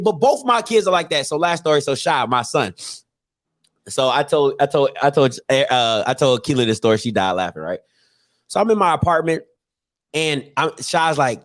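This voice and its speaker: A man in his thirties hosting a casual talk show, telling family stories with animated voices and frequent laughter. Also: mid-range voice, moderate pace. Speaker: podcast host. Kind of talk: casual storytelling.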